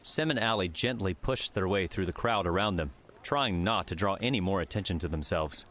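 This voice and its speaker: A man narrating an audiobook in a steady, even storytelling voice. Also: low voice, a little fast. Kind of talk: scripted narration.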